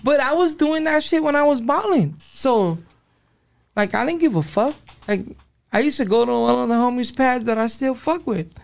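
A man's voice: very high voice, animated, moderate pace, vocal fry, dry recording. A man in his forties telling his story as a podcast guest, casual and profane, full of street slang. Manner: profane street slang, calls listener dog.

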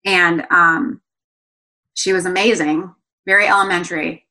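A woman in her thirties, a guest speaking earnestly and emotionally, halting often with fillers and restarts. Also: on the low side, steady tone, pushed and bright. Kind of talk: candid conversational interview.

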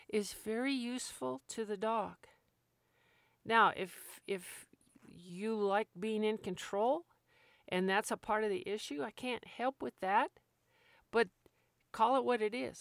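A woman's voice: fairly high pitch, smooth, no echo. A woman hosting a dog training podcast, talking frankly and casually, acting out nagging asides. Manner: frank, animated, acts out nagging with quick asides. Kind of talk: casual instructional talk.

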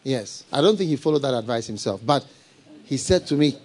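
A middle-aged man preaching a live sermon, animated and laughing, firing rhetorical questions at his congregation. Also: mid-range voice, a little fast. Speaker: pastor.

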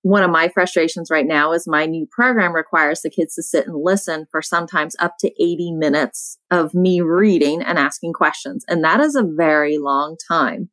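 Calm female elementary teacher, lower voice, dry close sound, soft-spoken and unhurried. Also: no echo, low-quality recording. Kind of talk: panel discussion.

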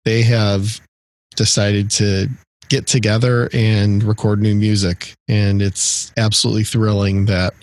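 A man's voice: lowish voice, little pitch movement, measured pace, dry recording. A middle-aged man from the area co-hosting a casual music podcast, rambling with lots of fillers and restarts. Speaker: podcast co-host.

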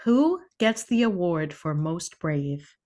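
A woman's voice: fairly low pitch, very animated, takes it slowly, darkish tone. A woman co-hosting a book podcast in casual chat, announcing awards cheerfully with frequent laughs. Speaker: podcast co-host.

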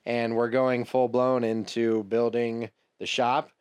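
A man's voice: mid-range voice, level tone, a little mellow, clean tone, no room sound. Male podcast co-host, loose rambling chat, jokey, dry close sound. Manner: rambling, joking, quick to laugh, swears casually. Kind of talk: casual chat.

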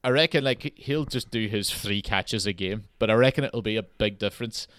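An Irish man hosting a podcast, talking in a relaxed, rambling way and swearing freely. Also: on the low side, moderate pace, clear, resonant tone, no echo, studio quality. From Ireland. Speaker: podcast host. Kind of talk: casual sports chat.

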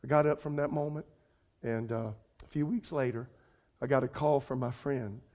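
A pastor delivers a sermon in a loose, conversational way, calling out to the congregation. His voice climbs into emotional, pleading cries and then sinks to a soft hush. He repeats words often as he tells stories. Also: mid-range voice, steady tone, moderate pace. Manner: emotional storytelling, rising to near-crying pleas.

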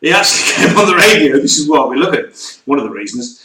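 A man's voice: fairly high pitch, quick pace. A man chatting casually as a co-host, joking around and breaking into impressions. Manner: jokey, animated, full of impressions. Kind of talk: casual chat. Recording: echoey room with background noise.

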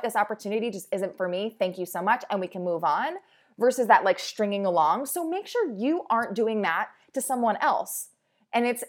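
A woman coach giving an emphatic motivational talk, repeating her key points and acting out the people she quotes. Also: mid-range voice.

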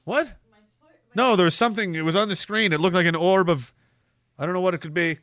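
A man's voice: sits high, lively intonation, fast talker, a bit bright, no room sound, clean studio sound. A man hosting a casual livestream podcast, rambling and sarcastic with mocking asides. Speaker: podcast host.

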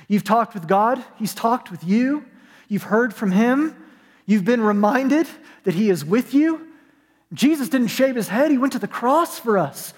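A man preaching a sermon, telling a story and moving between hushed, soft moments and rising, emphatic calls. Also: extremely high pitch, animated, a little slow. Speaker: pastor. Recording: long hall reverb.

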